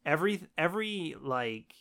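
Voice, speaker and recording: A man's voice: on the high side, animated, normal speed, gravelly, fairly bright tone. A man co-hosting a casual movie review podcast, laid-back and swearing freely. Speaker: podcast co-host.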